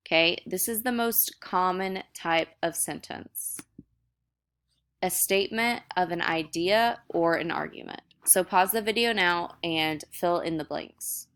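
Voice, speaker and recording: A young woman teaches a recorded lesson in a bright, crisp voice pitched slightly low, speaking a little slowly. She takes each point step by step in relaxed, casual teacher talk.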